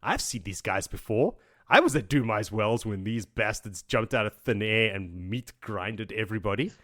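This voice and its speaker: Man doing a haughty sorceress, rattled and swearing, bright forceful voice, everyday delivery. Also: on the low side, animated, moderate pace. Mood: flustered. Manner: swearing, flustered inner asides. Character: proud, rattled female mage, haughty but scared.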